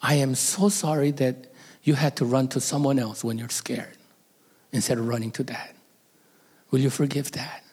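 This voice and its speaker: A man's voice: medium pitch, steady tone, normal speed, pauses often, a little mellow, slightly rough. A middle-aged man, a pastor, telling a personal story in a sermon, emotional and at times dropping to a whisper.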